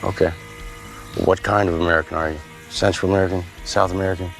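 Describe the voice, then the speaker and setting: An actor playing a menacing armed soldier who interrogates captives in a cold, threatening, mocking way. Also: male voice, low-pitched, level tone, fast talker, vocal fry, a bit bright, soft background music.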